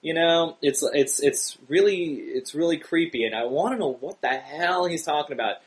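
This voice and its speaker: A man hosting a casual podcast chat, animated and excitable, his voice jumping up when worked up. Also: a little high, normal speed, low-quality recording. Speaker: podcast host.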